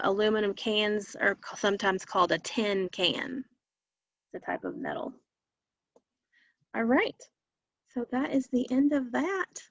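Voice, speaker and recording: A woman's voice: a little high, vocal fry, fairly bright tone, muffled recording. A woman teacher leading a recorded phonics lesson for children, patiently repeating each word for them to echo.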